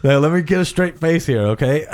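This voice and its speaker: A man hosts a loose comedy podcast among friends. His voice is a touch high, and it swings widely in pitch. He laughs a lot and sometimes bursts out loudly. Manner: laughs often, loud animated bursts. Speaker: podcast host. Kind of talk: casual comedy podcast chat.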